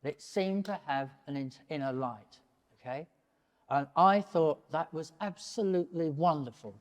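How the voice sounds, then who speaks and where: An older man in his seventies, a painter speaking to an audience in a public talk, animated and digressive and often breaking off mid-sentence. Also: on the high side, unhurried. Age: 70s. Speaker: painter and prize winner, interviewee. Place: large gallery hall, in front of an audience. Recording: long hall reverb in a gallery.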